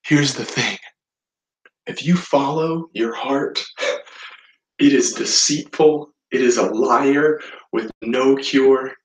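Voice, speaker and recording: A man preaching a sermon, telling a story with animated delivery and acting out the scenes. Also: medium pitch. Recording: roomy hall, voice from a distance.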